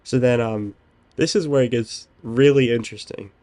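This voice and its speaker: A man's voice: medium pitch, moderate pace, dark tone. A young man hosting a podcast, telling a story in casual chat with lots of ums. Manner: rambling storytelling with many "um"s. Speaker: podcast host.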